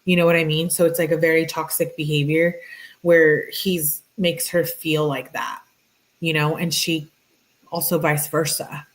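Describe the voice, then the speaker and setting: A woman's voice: sits low, flat delivery, unhurried. A woman giving casual true crime commentary, chatty and full of fillers, talking straight to her viewers. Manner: chatty, filler-heavy, addresses viewers directly. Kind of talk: casual commentary reading text messages aloud.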